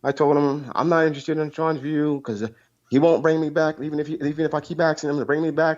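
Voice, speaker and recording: A man's voice: a little high, fast, lo-fi sound. A man calling in to a live talk show, telling a long story in a rambling, profane way over a call line. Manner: rambling, profane, repeats himself. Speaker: caller.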